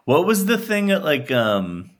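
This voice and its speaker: A man co-hosting a podcast in casual chat, unhurried and wry, swearing casually. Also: a little high, wildly swooping pitch. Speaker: podcast co-host.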